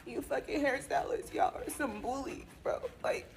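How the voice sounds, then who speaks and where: A woman's voice: high voice, big pitch swings, normal speed, vocal fry, few pauses. Crying woman ranting on a noisy clip. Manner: angry ranting, heavy swearing. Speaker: upset customer in a posted clip.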